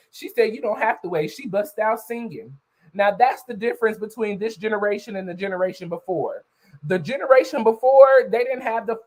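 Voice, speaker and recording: A woman's voice: medium pitch, darkish tone, low-quality recording. Chatty woman retelling a story live. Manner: chatty retelling, tags lines with "okay?" and "you know"; greets viewers by name while talking. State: voice not yet warmed up. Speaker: livestream host. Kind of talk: casual livestream storytelling.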